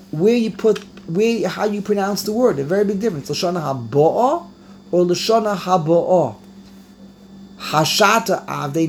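A man giving an animated Torah class, repeating phrases and mixing in Hebrew and Yiddish words. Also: high voice, vocal fry, slight background noise. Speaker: rabbi teaching. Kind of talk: Torah class on the Passover Haggadah.

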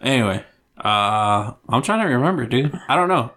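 A man's voice: mid-range voice, animated, moderate pace, a bit bright. A man co-hosting a podcast, trading dry, teasing remarks in casual chat. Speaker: podcast co-host.

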